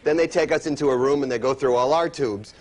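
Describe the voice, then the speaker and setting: A man's voice: medium pitch, very noisy. A man doing a stand-up routine on stage, teasing the crowd, then chatting with the host. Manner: quick, teasing banter with the crowd. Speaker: stand-up comedian. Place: stage before a live audience.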